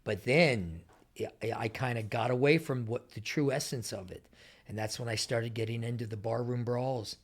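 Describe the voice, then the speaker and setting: A man's voice: mid-range voice, moderate pace. A middle-aged man answering interview questions casually, telling stories and acting out the people he quotes. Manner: animated storyteller, acts out quoted people. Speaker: interview guest.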